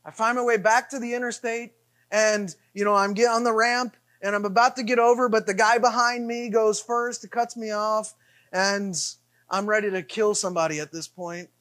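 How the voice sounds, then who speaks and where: Animated man telling a sermon story. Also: high-pitched, normal speed. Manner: animated, self-deprecating anecdote with repeated refrains. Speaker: pastor.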